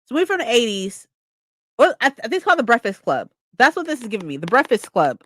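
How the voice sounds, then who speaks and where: A young woman chatting casually about a book she's reading, excitable, swearing often and acting out lines. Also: fairly high pitch, fast, no echo. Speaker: streamer hosting a reading session.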